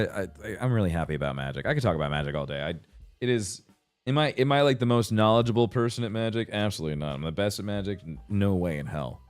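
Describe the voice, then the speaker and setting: A man in his thirties hosting a livestream, chatting casually with lots of fillers, restarts and laughs. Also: low-pitched. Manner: rambling, many fillers and restarts, laughs often. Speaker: livestream host. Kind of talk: casual chat with chat readers.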